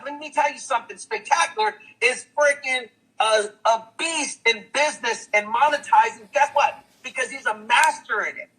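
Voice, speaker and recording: A man's voice: very high voice, sharp tone, slightly rough, rough recording. A man giving a motivational sales testimonial, hyped and repetitive, who keeps calling out "guys" and "guess what.". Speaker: testimonial speaker.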